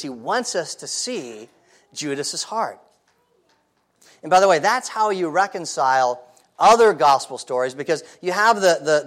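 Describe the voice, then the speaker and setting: A man's voice: fairly high pitch, a bit bright. A man preaching a sermon in a conversational way, asking the congregation rhetorical questions and often repeating his first words. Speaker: pastor.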